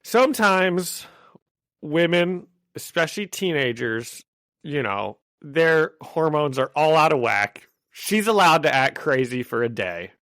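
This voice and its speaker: A man's voice: a little high, sing-song, unhurried, a bit bright, dry recording. Laughing man in casual podcast chat. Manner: laughs often, trails off with "like" and "you know". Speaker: podcast co-host.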